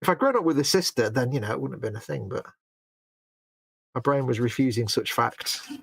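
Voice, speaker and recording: Fast-talking, well-spoken English man. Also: mid-range voice, expressive, vocal fry, fairly bright tone, breathy edge, no room sound. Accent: well-spoken English, faint Manchester. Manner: quick, self-deprecating, well-spoken. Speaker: co-host. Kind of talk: casual late-night chat.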